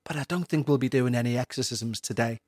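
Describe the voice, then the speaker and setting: A man playing a sceptical priest who speaks in a calm, sarcastic, condescending way. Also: medium pitch, quick pace, no room sound, studio quality, pitched below the performer's own voice, lightly acted. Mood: soothing. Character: sceptical, patronizing middle-aged male priest.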